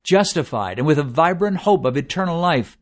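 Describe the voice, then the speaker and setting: A man preaching a sermon in an earnest, measured way, slowing down to stress lists of words. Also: on the high side, animated.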